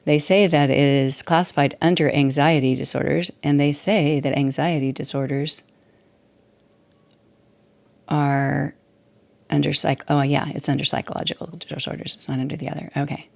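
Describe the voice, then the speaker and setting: A chatty woman in her sixties talks on her own podcast, rambling and laughing as she goes. Her voice has a gravelly fry in it. The recording is dry, with little room sound. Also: low voice, fairly even intonation, normal speed, no room sound. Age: 60s. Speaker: podcast host. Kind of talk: casual solo talk. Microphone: desktop mic at computer.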